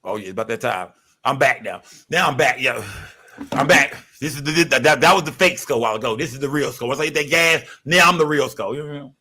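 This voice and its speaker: A young man hosting a casual livestream, rambling and profane, giving constant shout-outs to his viewers. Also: medium pitch, fairly quick. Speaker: livestream host.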